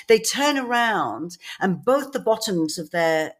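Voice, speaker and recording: A woman's voice: fairly high pitch, sing-song, unhurried. A woman co-hosting a podcast, telling rambling anecdotes with laughs and many "you know"s. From England. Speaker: podcast co-host. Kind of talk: casual storytelling chat.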